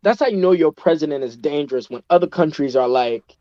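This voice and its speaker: A man's voice: on the high side, brisk, dry recording. Chicago rapper guy on a podcast, voice all over the place, swears, kinda dull lo-fi sound. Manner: animated, swearing, lively ranting. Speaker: podcast guest, freestyle rapper. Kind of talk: casual chat.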